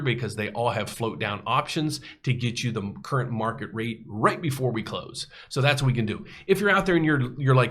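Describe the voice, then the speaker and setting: A mortgage broker hosting his own show, casually explaining rate charts. He talks earnestly and folksily, restarts often and lets his pitch bounce up and down. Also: a bit bright. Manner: pitch jumps up and down often, repeats words and restarts.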